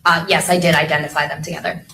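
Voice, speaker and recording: Low-voiced woman giving expert testimony. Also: flat delivery, fast, pushed and bright, a little hiss or hum, rough recording. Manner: explains patiently with everyday analogies, frequent ums. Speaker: firearms examiner testifying as expert witness. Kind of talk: courtroom testimony. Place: courtroom.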